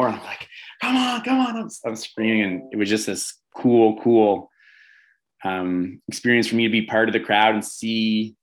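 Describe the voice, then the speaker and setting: A man's voice: fairly low pitch, poor audio. A man who coaches an athlete, talking casually and with enthusiasm in an interview, full of "um" and "like". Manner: enthusiastic, many fillers like "um" and "like".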